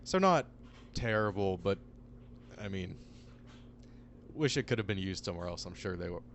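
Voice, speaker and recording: A man co-hosting a podcast, talking football in a casual, animated way. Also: low voice, normal speed, slight background noise. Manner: animated, laughs often, swears casually. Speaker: podcast co-host. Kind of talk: casual sports chat.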